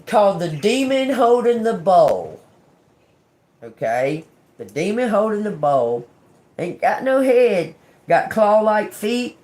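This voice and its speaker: Slow, rambling woman with lively pitch. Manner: rambling, emphatic, talks straight to viewers. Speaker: tarot reader hosting a livestream. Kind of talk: casual livestream chat. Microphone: phone or webcam livestream.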